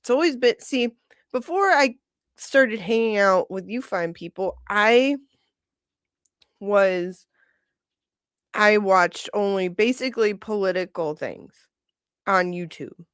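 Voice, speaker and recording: A woman's voice: medium pitch, expressive, slow, pauses often, fairly bright tone, smooth, no room sound, clean studio sound. A woman in her forties hosting a casual livestream, rambling, chuckling often and reading out viewer comments. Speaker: livestream host.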